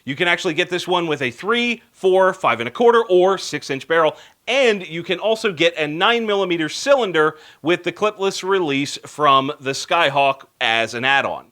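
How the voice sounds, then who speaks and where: Bright-voiced, sarcastic male news host. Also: a little high. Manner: sarcastic, wisecracking; indignant rants. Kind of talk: scripted news commentary.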